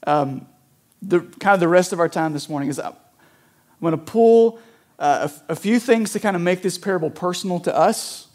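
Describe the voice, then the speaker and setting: Male pastor, high-pitched voice, casual, conversational sermon delivery. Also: moderate pace, darkish tone. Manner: conversational, frequent "right?" asides.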